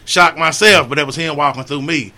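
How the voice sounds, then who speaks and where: An earnest middle-aged man speaking on a radio talk show. His voice is bright and forceful, and he preaches to listeners, rising loud and then dropping quiet and low. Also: brisk. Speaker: community organizer and guest.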